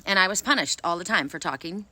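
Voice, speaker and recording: A chatty woman reads oracle cards outdoors, her voice sitting a little low for a woman yet bright and forceful. She talks in a quick, bubbly, effervescent way, telling stories casually to camera. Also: expressive, no room sound. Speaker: oracle card reader. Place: outdoors, sitting in wet grass.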